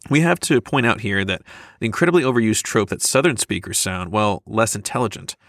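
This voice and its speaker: Bright-voiced, chatty male podcast co-host. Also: on the low side, expressive, fairly quick, no echo. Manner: chatty, laughs often, many fillers. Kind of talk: casual chat.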